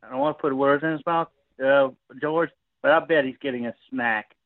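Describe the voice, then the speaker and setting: A man's voice: medium pitch, brisk, no echo. A man from Louisiana calling in to a talk radio show, rambling and repeating himself as he talks. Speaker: caller. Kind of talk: casual talk radio call. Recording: dry, tinny phone line.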